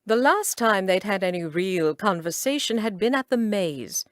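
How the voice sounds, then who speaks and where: A woman narrating an audiobook in an expressive, dramatic reading style. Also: mid-range voice, moderate pace, dry recording, clean studio sound.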